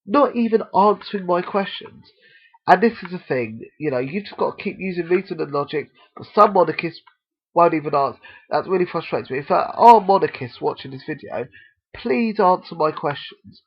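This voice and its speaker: A man's voice: sits high, expressive, normal speed, slightly rough, dull audio. A man talking straight to camera in an opinion vlog, impassioned and argumentative, repeating his points. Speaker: vlogger.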